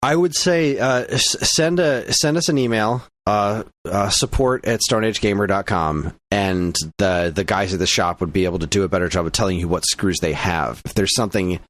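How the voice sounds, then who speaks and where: A man's voice: lowish voice, normal speed, few pauses, a bit bright, dry recording. A man from the United States co-hosting a casual podcast, rambling along with plenty of fillers and restarts. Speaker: podcast co-host.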